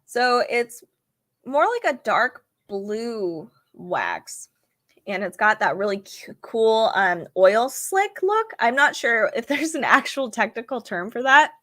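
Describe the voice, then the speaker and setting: A young woman casually showing and reviewing a book and a candle, chatty and enthusiastic, a little hoarse from losing her voice. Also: a little high, animated, slow, long pauses, fairly bright tone. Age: young adult. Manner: chatty, enthusiastic, says "like" and "um" a lot. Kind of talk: casual show-and-tell review.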